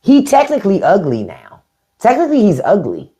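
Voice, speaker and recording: A woman's voice: medium pitch, huge pitch swings, brisk, dark tone. A woman hosting a live stream, talking bluntly and with plenty of profanity straight to her viewers. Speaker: podcast host doing a live stream. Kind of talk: unfiltered live-stream commentary. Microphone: phone or webcam on a live stream.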